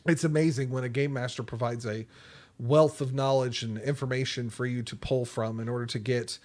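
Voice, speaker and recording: A man's voice: mid-range voice, steady tone, brisk, a little mellow. A man in casual podcast chat, talking in a rambling, hesitant way as a game master. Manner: rambling, hesitant, frequent ums and restarts.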